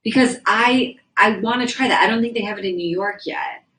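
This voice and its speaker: A woman's voice: mid-range voice, brisk, pushed and bright, poor audio. A young woman livestreaming, chatting casually and rambling as she reads viewer comments aloud from indoors. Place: indoors at a house.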